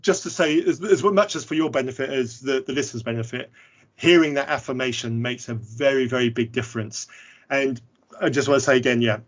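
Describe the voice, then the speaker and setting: A man's voice: medium pitch, brisk, muffled recording. An English man hosting a podcast, talking casually in a candid, wry, self-deprecating way. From England. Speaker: podcast host. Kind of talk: casual conversation.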